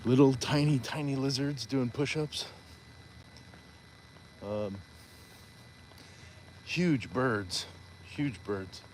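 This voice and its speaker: A man hosting a live stream, chatting casually in a rambling, unhurried way with many fillers. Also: mid-range voice, a little hiss or hum. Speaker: livestream host.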